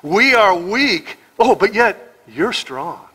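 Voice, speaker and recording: A high-pitched, slightly rough male voice, very animated yet slow, bright and forceful, belongs to an American pastor. He preaches a verse-by-verse expository sermon with emphasis and sarcasm, firing rhetorical questions. Recording quality is low.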